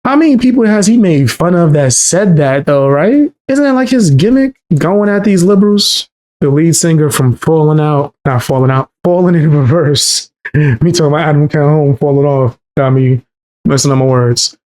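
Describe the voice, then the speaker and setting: A man's voice: on the high side, expressive, normal speed, a little mellow. Guy riffing on a video, aave, mocking and disbelieving, repeats the punchline a few times. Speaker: commentary host. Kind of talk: reaction commentary.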